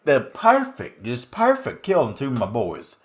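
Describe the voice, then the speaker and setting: A man voicing a loud, folksy rural Southern man with a put-on Southern US accent, drawling and hollering through gameplay commentary. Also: medium pitch, wildly swooping pitch, unhurried. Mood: exasperated. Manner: drawling, hollering, swearing exclamations. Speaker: card game streamer.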